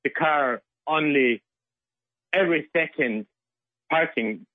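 Male phone caller, phone-quality audio, worked up and halting. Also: on the high side, no echo. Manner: excited, shaken, halting. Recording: tinny phone line.

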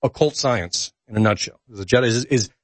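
A man talking through a casual podcast chat, animated as he tells stories, with frequent ums and uhs. His middle-pitched voice is recorded dry and close, with no room sound. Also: a little fast, dry recording. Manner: animated storyteller, hesitant fillers.

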